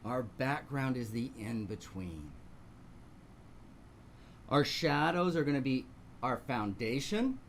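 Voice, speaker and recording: A man's voice: mid-range voice, animated, slow pace, pauses often, slight background noise. A man teaching a live online painting lesson, talking through each step and asking rhetorical questions. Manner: talks through steps, asks rhetorical questions. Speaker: painting instructor.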